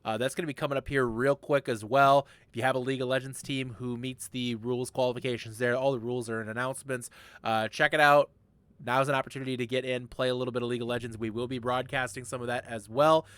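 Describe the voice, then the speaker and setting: A man hosting a relaxed livestream podcast, his voice smooth and resonant and recorded close and dry. He rambles through announcements in an upbeat way, dropping jokey asides as he goes. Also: mid-range voice, fast talker, no room sound. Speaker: podcast host. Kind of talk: casual livestream podcast chat.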